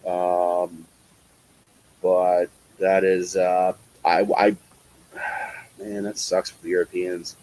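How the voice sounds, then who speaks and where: A man's voice: low voice, completely flat delivery, very slow, long pauses, a little mellow, a little hiss or hum, low-quality recording. A man from the Cincinnati area doing casual, profane play-by-play commentary on a live stream, chatting with viewers in between.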